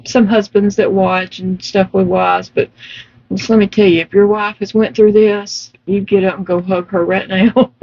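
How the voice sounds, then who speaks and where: A woman's voice: medium pitch, flat delivery, normal speed, a little mellow, highs cut off. A woman chatting casually while crocheting, telling her story emphatically and laughing often. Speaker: vlogger.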